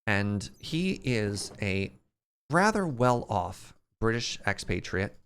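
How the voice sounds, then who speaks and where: A man streaming a game, chatting casually and telling stories in an animated way to his chat. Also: lowish voice, takes it slowly, smooth. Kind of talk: casual storytelling while playing.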